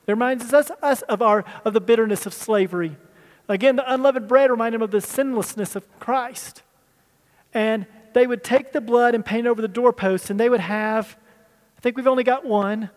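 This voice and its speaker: A male pastor teaching a sermon with slides, talking conversationally and asking the people in the room. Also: very high-pitched. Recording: long hall reverb.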